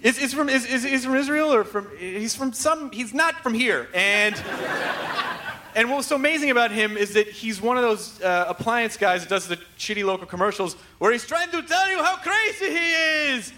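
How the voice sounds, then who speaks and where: A man's voice: very high-pitched, animated, normal speed. A man hosting a live podcast in front of an audience, hyper, rambling and crude. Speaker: podcast host. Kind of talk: live stand-up-style podcast banter. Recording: live stage with audience noise.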